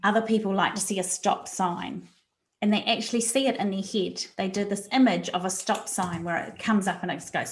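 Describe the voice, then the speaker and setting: Heard through a video call mic in an echoey room, a woman with a medium-pitched, steady voice speaks at a moderate pace. She's presenting a resilience webinar, talking animatedly and repeating words for emphasis.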